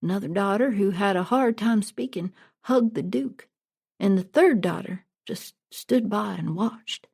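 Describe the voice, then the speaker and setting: A woman narrating a story in a plain, steady storytelling manner. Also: mid-range voice, unhurried, creaky, slightly rough. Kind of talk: audiobook narration.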